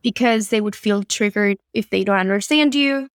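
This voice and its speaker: A young adult woman from Argentina with an Argentine Spanish accent, a guest telling animated stories in an interview. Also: mid-range voice, normal speed, clear, resonant tone, dry recording, clean studio sound. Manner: animated storyteller, laughs often. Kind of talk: conversational interview.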